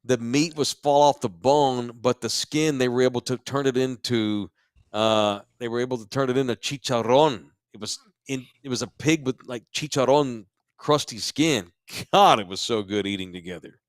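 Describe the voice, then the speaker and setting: A man co-hosting a podcast in loose, rambling casual chat. His voice sits at an ordinary middle pitch. The sound is dry and close, with no room around it. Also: moderate pace, no room sound. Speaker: podcast co-host.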